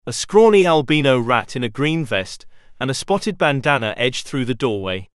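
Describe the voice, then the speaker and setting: Lively male storybook narrator. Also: mid-range voice, normal speed, clean tone, no room sound, studio quality. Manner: expressive reading.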